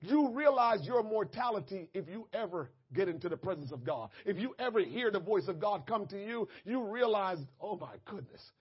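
Man, preacher, sermon, very high voice, shouted emphasis, dull lo-fi sound. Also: expressive, normal speed, few pauses, breathy edge. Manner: impassioned preaching, swings between soft asides and shouted emphasis; addresses the congregation directly.

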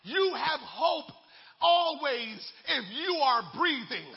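A male pastor preaches with fervor, putting an "uh" before each phrase and swinging between shouts and near murmurs. His voice sits very high for a man and has a gravelly edge. The sound is dull and lo-fi, with a long church-hall reverb. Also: very animated, slow. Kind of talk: sermon. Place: church sanctuary.

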